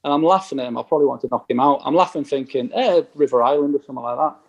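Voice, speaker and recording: A man's voice: medium pitch, racing, gravelly, slightly rough, highs cut off. A man, a former footballer telling stories as a podcast guest and acting out the exchanges he quotes. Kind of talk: casual anecdote telling.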